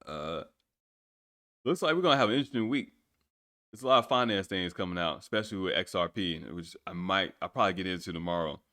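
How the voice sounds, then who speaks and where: A man's voice: low voice, lively intonation, fast talker, bright, forceful tone. A man hosting his own podcast alone, rambling casually and swearing freely as he plugs his channels. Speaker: podcast host. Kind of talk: casual solo podcast monologue.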